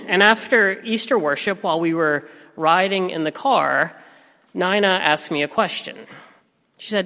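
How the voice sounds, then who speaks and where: A man in his thirties preaching a sermon as pastor, telling a family story in a gentle, reflective way. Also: high voice, measured pace, gravelly. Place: church sanctuary. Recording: reverberant sanctuary.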